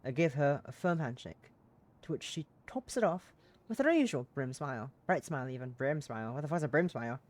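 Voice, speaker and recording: A casual live streamer reads a visual novel aloud on stream, narrating the game in a mid-range voice with lively intonation and a brisk pace. Self-mocking and profane, they swear freely and laugh at their own slips.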